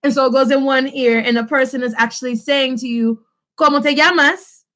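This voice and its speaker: A woman's voice: sits high, fairly even intonation, fairly bright tone. Lady teacher mixing english and spanish, drags out the key words, talks while drawing notes. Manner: mixes English and Spanish, slows and stresses key phrases. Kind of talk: classroom lesson.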